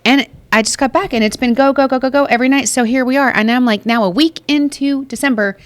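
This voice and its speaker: A woman's voice: high-pitched, quick pace, no room sound. A woman co-hosting a podcast, telling stories in a chatty way and acting out quotes. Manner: chatty storyteller, animated quotes. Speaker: podcast co-host. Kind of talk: casual chat. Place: photo studio in a mall.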